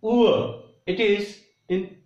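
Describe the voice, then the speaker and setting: A man with an Indian English accent teaching English vowel sounds, deliberately repeating each example word. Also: high-pitched, fairly even intonation, a little mellow. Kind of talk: slow explanatory lesson. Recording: roomy, dull lo-fi sound.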